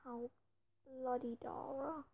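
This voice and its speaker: A woman's voice: high voice, little pitch movement, slow pace, creaky, a little mellow, husky, no room sound. A woman giving running commentary over a football management game, often exasperated and muttering to herself. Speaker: gaming video creator. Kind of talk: gameplay commentary.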